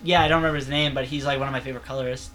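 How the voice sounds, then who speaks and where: A man's voice: medium pitch, steady tone, racing, a bit bright, slight background noise. A young man co-hosting a casual comics podcast, eager and laughing often. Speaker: podcast co-host.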